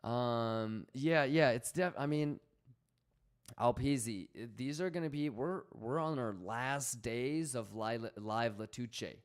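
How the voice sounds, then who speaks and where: A man's voice: mid-range voice, takes it slowly, clean tone. A man hosting a casual trading livestream, slangy and swearing freely as he reads out chat messages.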